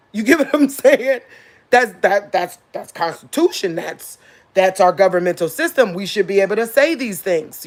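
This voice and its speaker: A woman preaches straight to her viewers, like an informal sermon. She pushes her voice high and hard when she wants to stress a point. At other moments she drops to a soft, emotional murmur. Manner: repeats "real talk" and "you get what I'm saying". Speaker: online preacher. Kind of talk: informal spoken sermon to camera.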